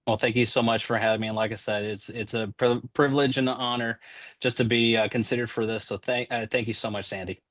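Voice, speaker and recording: A man's voice: mid-range voice, steady tone, fast, a bit bright. A man in his forties, a stadium announcer, chatting in an interview in a joking, easygoing way with many ums. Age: 40s. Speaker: public address announcer, guest. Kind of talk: casual interview chat.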